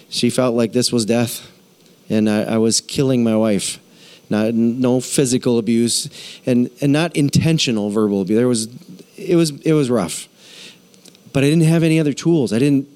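Candid pastor preaching a confessional sermon. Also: male voice. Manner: candid, confessional storytelling with lively pitch swings.

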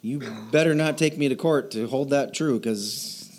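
A man's voice: medium pitch, moderate pace, darkish tone. A man preaching a sermon in a chatty way, with laughing asides and questions to his listeners. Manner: asks the audience questions. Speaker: pastor.

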